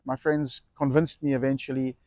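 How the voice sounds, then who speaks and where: With little pitch movement, a medium-pitched middle-aged man who runs an e-bike shop talks at a normal speed through a meandering, self-correcting personal story told casually to camera, complete with acted quotes. There's no room sound, and the highs are cut off.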